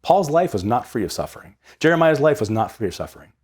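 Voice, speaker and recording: Husky, lively young man hosting a reflection. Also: mid-range voice, quick pace. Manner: energetic, conversational, repeats words when excited. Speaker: host of a Sunday readings reflection. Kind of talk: casual reflection on scripture.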